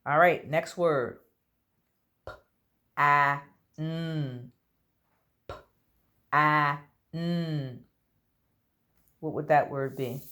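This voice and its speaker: A woman's voice: sits low, moderate pace, hardly any pauses. A woman teaching an online phonics lesson to young children, sounding out letters patiently and praising correct answers. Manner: encouraging, checks in with children.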